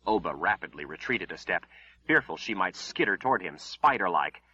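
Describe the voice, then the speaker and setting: A man narrating an audiobook in a measured, dramatic storytelling manner. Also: sits low, expressive, bright, forceful tone, breathy edge, dry recording, dull audio.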